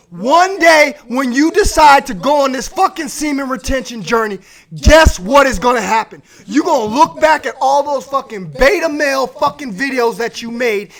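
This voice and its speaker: A man hosting a live stream, shouting an aggressive, profane rant from his man cave and going hoarse. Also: very high-pitched.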